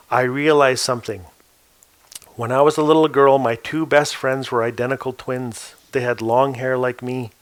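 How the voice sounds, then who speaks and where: A man telling a story aloud on a panel before a live audience. His voice sits in an ordinary middle range and grows animated as he slips into the people he describes. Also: mid-range voice.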